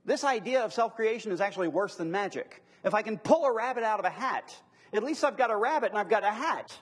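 Husky high-voiced man lecturing emphatically. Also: expressive. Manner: conversational, emphatic repetition, drawn-out key phrases. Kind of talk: classroom lecture on apologetics.

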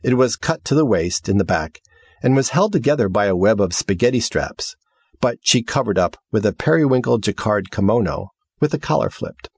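A man narrating a story as an audiobook reader, with measured, expressive delivery. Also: on the low side, breathy edge, dry recording, clean studio sound. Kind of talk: scripted narration.

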